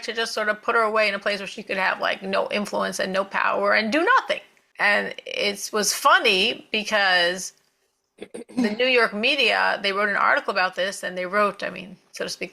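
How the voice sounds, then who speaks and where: A woman hosting a talk, telling a story in an animated, expressive way. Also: mid-range voice, creaky. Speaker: host.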